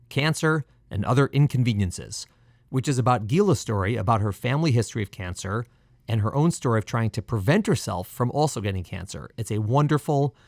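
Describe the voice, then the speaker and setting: A man's voice: medium pitch, dry recording, studio quality. A man hosting a podcast interview over a phone call, upbeat and chatty. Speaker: podcast host, doctor.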